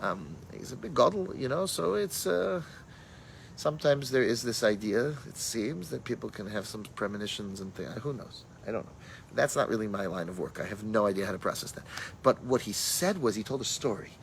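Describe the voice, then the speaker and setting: Rabbi giving a chatty storytelling class. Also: male voice, fairly low pitch, animated, fairly quick, vocal fry, slight background noise, poor audio. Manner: storytelling, with Hebrew and Yiddish terms; thinks aloud with fillers and restarts. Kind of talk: conversational Torah class.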